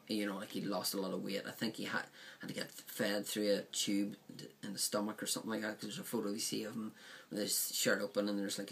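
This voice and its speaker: A man's voice: on the low side, gravelly, fairly bright tone. A man casually reviewing a DVD set, rambling with frequent ums and likes.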